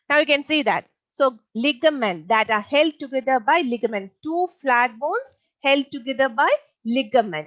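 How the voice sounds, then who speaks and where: A woman's voice: high-pitched, a bit bright, no room sound, poor audio. A young woman teaching a live online science class, repeating key points and asking her pupils questions.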